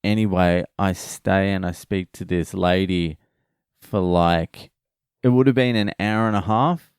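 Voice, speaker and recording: A man tells a story in a relaxed vlog, dropping curses and retelling who said what. His voice is low-pitched and smooth. He talks at an unhurried pace. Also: no room sound, clean studio sound. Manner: swears freely, retells conversations. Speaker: vlogger.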